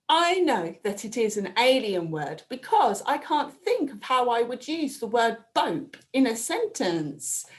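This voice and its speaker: Slow, lively sing-song woman teacher. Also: on the high side. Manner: slow, clear, sing-song prompting with drawn-out sounds. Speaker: primary school teacher. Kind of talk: phonics lesson for young children.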